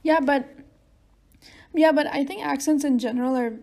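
A woman with an American accent who grew up in Nigeria, chatting as a podcast co-host in a halting way and quick to laugh. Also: high voice, steady tone, vocal fry, mellow. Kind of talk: casual chat.

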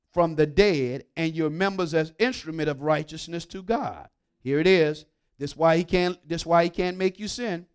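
A man preaching a sermon and reading scripture, moving from hushed asides to emphatic declarations and calling on the congregation. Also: a little high, normal speed, clean tone. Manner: call-and-response preaching, swings from hushed to emphatic.

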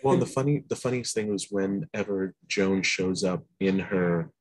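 A man casually reminiscing, in an animated way, about acting in a community play. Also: low-pitched, normal speed, low-quality recording. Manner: animated storyteller, laughs easily. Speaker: cast member of a community play.

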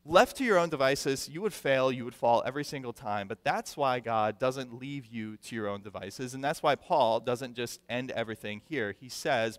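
A male pastor preaching a sermon with animated delivery, acting out the people he quotes and repeating words for emphasis. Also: mid-range voice, moderate pace, few pauses. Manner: animated, acts out quoted voices; repeats words when stressing a point. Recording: long reverb of a large hall.

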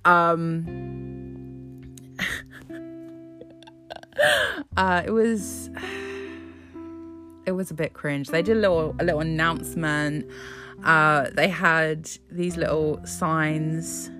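Low-voiced woman ranting casually, sarcastic and sweary, faint guitar in the back. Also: expressive, very slow, pauses often. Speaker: vlogger commenting on politics. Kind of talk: casual chat.

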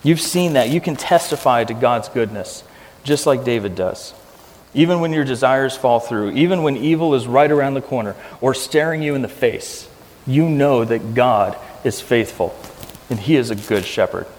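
A man's voice: mid-range voice, lively intonation, normal speed, a little mellow, a little hiss or hum. A man preaching a sermon as pastor, earnest and emphatic, often repeating key phrases for weight. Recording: long hall reverb.

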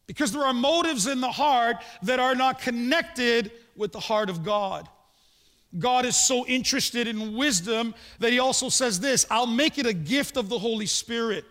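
High-voiced male pastor preaching in a hall. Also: a bit bright. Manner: conversational preaching with quick anecdotes and rhetorical questions. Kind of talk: sermon.

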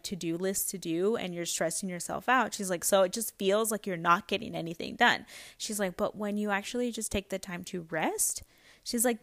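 A woman's voice: mid-range voice, no echo, clean studio sound. A young woman hosting a podcast in casual chat, talking through her own stories, laughing often and acting out quoted moments. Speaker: podcast host.

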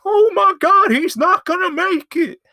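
A man's voice: very high-pitched, unhurried, sharp tone, pitched above the performer's own voice, exaggerated voice. A man voicing an anxious, whiny male stunt coordinator who pleads and frets. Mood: panicked.

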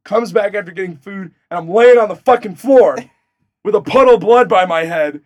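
A young man in his twenties tells a wild personal story on a podcast in a casual, profane chat. His voice sits fairly high and swings between loud, excited bursts and low mutters. The recording is dry and close. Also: normal speed, no room sound.

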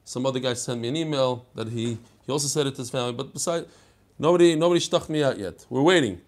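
A man's voice: medium pitch, fast talker. Older man teaching a Talmud class. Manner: chatty, digressive, mixes in Hebrew and Yiddish terms. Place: study hall.

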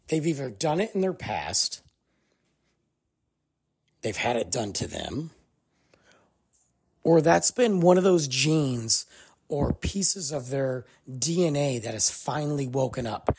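Gravelly, lively-voiced podcast host. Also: mid-range voice, takes it slowly, long pauses. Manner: emphatic, acts out quoted dialogue. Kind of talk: casual commentary monologue.

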